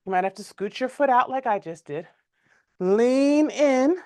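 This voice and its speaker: A woman teaching a yoga class, giving calm, measured cues timed to the breath and stretching out repeated words. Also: sits high, no room sound. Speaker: yoga instructor.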